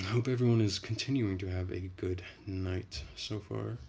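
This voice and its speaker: A young man on a casual late-night livestream, reading chat and rambling in a relaxed, soft-spoken way. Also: lowish voice, a little slow, gravelly, a little hiss or hum.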